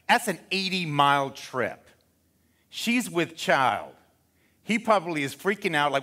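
Bright-voiced man telling a story from the pulpit. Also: a little high. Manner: casual, animated storytelling with acted-out quotes. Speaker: pastor. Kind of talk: sermon. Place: church.

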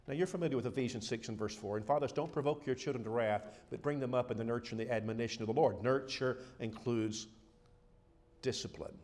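A man's voice: medium pitch, darkish tone. A middle-aged man preaching a sermon in a lecture hall, earnest and emphatic, often repeating words as he stresses a point.

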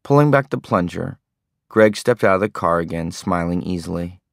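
A man narrating an audiobook in a steady, understated way. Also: low voice, normal speed, vocal fry, dry recording, clean studio sound. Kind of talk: scripted narration.

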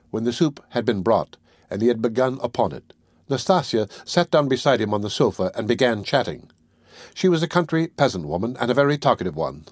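A man's voice: mid-range voice, big pitch swings, brisk, no room sound. Man narrating a classic novel, dry and close. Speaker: audiobook narrator.

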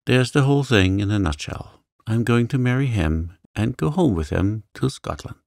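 A man voicing a spirited, quick-tempered young woman who speaks sharply and dismissively. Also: fairly low pitch, animated, creaky, darkish tone, dry recording, studio quality, pitched above the performer's own voice. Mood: excited, scornful.

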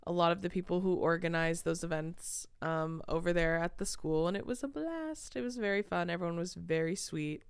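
A woman's voice: fairly low pitch, a little fast, few pauses, clean tone, no echo, clean studio sound. A young woman co-hosting a casual podcast chat, laughing often and swearing freely. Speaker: podcast co-host.

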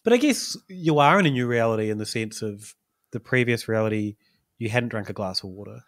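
A man's voice: medium pitch, animated, fairly quick. A man, a podcast host rambling through stories with small chuckles. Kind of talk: casual chat.

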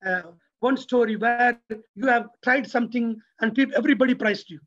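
Man lecturing, husky voice, rhetorical questions to the room, dull lo-fi recording. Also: very high voice, normal speed. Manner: asks the audience rhetorical questions; lively, preacherly delivery. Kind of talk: motivational religious talk.

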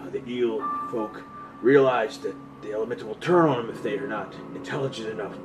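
A game master voicing a wild-haired old male lighthouse keeper who rambles with halting restarts. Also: fairly low pitch, recorded from a distance, music in the background, natural voice, rough recording. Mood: frantic.

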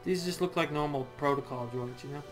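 Over game music, a young let's-play gamer riffs casually on his gameplay, goofy and sarcastic, answering the characters on screen. His voice sits on the high side, and he talks fairly quickly.

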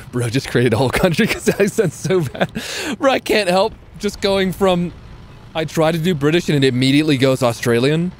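A young man with a fairly high, lively voice streams a tank game live at normal speed, with slight background noise. He jokes, swears a lot, and thinks out loud as he narrates the battle.

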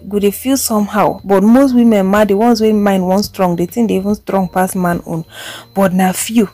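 A woman's voice: mid-range voice, warm tone, no echo. A woman with a Nigerian accent giving casual gossip commentary as a vlogger, chatty and switching between Pidgin and English.

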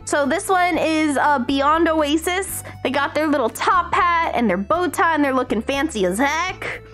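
Bubbly streamer lady gushing at chat, high voice that bounces all over, bit of music in the back. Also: expressive, unhurried. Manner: bubbly and gushing, warm slang-filled chatter. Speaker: streamer host. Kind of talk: casual live-stream chat.

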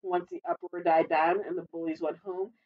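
A woman's voice: lowish voice, flat delivery, normal speed, far from the mic, narrow, tinny audio. A woman librarian reading a picture book aloud at storytime, adding chatty asides to the children.

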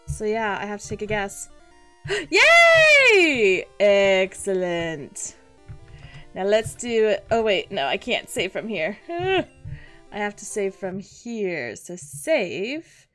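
A woman hosting a gaming channel, giving chatty, playful commentary on her own play and exclaiming often. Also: medium pitch. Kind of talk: casual game commentary.

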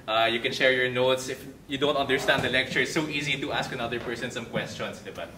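A man's voice: medium pitch, steady tone, fast talker, background noise. A young Filipino man, a medical student, leading a casual tour of his school in English mixed with Tagalog, chatty and playful. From Philippines. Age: young adult. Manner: chatty and playful, with easy asides. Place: indoor school hall and labs. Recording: echoey room from a distance.

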